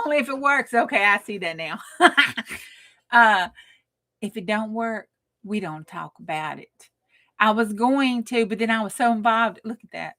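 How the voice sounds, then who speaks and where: A woman's voice: fairly high pitch, bright, forceful tone. A woman with a twang hosting a casual late-night crafting live stream, joking, bawdy and laughing as she greets viewers by name.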